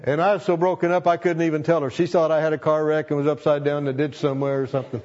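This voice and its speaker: A man's voice: on the high side, flat delivery, fast talker, hardly any pauses, a little mellow, highs cut off. A man in his seventies, a longtime pastor, telling a personal testimony with earnest emotion and repeating phrases for emphasis.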